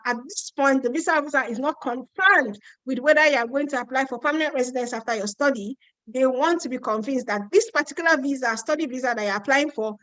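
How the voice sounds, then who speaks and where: Bright-voiced Nigerian woman hosting a live Q&A. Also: sits high, no echo, rough recording. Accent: Nigerian, Yoruba. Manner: chatty and emphatic, repeats points, answers questions with quick asides. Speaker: host answering viewer questions. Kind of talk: live Q&A webinar. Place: home in Ontario.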